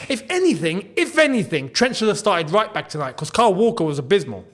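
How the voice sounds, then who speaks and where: A young man hosting a football channel, ranting in an animated way and hammering points home by repeating them. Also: sits high, a little fast, few pauses.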